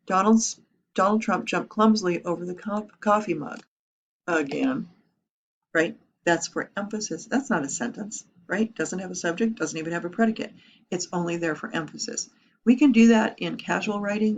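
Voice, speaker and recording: Female writing teacher, lower-pitched, lively and explanatory, checks in with the class as she goes. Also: lo-fi sound, a little hiss or hum. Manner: lively, explains with rhetorical questions. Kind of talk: classroom grammar lesson.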